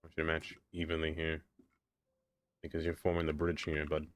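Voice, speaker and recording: A man's voice: very deep voice, completely flat delivery, a little fast. Chatty man streaming a city-builder. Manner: chatty, laughs a lot, talks to game objects. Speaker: game streamer. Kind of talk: casual live-stream chat.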